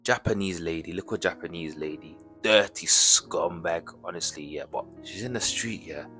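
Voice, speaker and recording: A man's voice: low voice, normal speed, bright, forceful tone, faint music behind. A man doing ranting reaction commentary, indignant and repetitive, full of slang. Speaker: commentary YouTuber.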